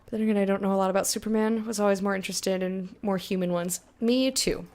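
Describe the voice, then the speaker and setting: A woman's voice: mid-range voice, steady tone, fast talker, darkish tone. A young woman streaming a game, chatting casually with viewers, laughing often and reading game text aloud. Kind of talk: casual let's-play chat with viewers.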